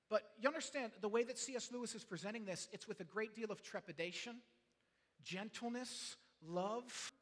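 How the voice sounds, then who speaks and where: A pastor with a high, bright voice delivers a sermon to his congregation, earnest and pleading, talking a little fast and stumbling over and repeating words as he presses his point. He builds from quiet talk to passionate shouting, his voice ringing with long reverb from the surrounding hall.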